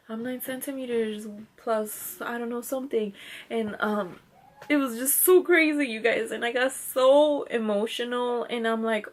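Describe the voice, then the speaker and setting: A woman's voice: a little high, normal speed. A woman in her twenties telling a personal story in a chatty, rambling way, stopping to apologize to her viewers. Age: 20s. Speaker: mom vlogger. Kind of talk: casual storytelling to camera.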